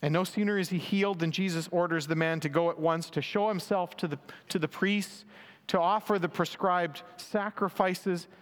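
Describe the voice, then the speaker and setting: A man's voice: sits high, steady tone, normal speed. A man preaching a sermon, reading and explaining scripture in an earnest, emphatic way, lifting his voice for quoted lines. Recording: long hall reverb.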